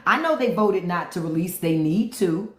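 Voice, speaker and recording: A woman's voice: on the low side, animated, moderate pace, echoey room. A woman hosting a casual livestream, talking bluntly and profanely and answering viewer comments. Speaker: livestream host.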